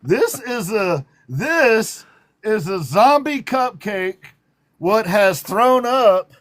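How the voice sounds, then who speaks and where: A man's voice: high voice, very animated, drawn-out words, a bit bright. A man with a Southern drawl hosting a livestream talk show, playful and teasing and laughing often. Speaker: host.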